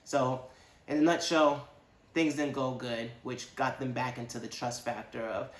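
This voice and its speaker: A man giving a casual, rambling movie review with animated, slangy asides. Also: medium pitch, unhurried, reverberant.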